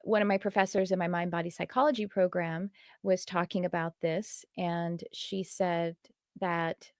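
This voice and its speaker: A woman's voice: lowish voice, fairly even intonation, normal speed, darkish tone, no room sound, studio quality. A woman spiritual teacher talking to her students in an earnest, reflective way that wanders loosely from thought to thought.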